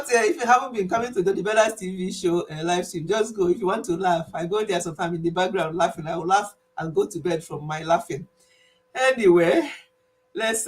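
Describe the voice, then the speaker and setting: A woman hosting a casual live stream, playful and often laughing as she imitates her viewers. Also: on the low side. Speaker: channel host closing a live stream.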